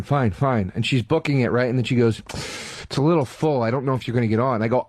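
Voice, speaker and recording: A man co-hosting a comedy podcast, telling a profane, excitable anecdote in a studio. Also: medium pitch, fast talker, few pauses, no room sound. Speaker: podcast co-host. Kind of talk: casual comedic chat. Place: radio studio.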